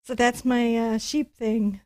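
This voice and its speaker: A middle-aged woman teaching a live painting lesson, telling a story in a chatty, animated way and laughing often. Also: on the high side, slow pace. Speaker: painting instructor.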